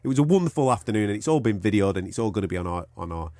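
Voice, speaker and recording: A man's voice: lowish voice, lively intonation, very fast, dark tone, dry recording, clean studio sound. A man co-hosting a podcast in casual chat, telling stories with plenty of swearing and acting out other people's lines. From England, outside Liverpool. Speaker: podcast co-host.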